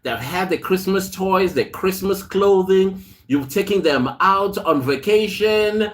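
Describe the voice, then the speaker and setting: A man's voice: high-pitched, a little slow. A man hosting a casual live stream, greeting viewers by name, reading their comments aloud and telling chatty stories with frequent laughs. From South Africa. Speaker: host.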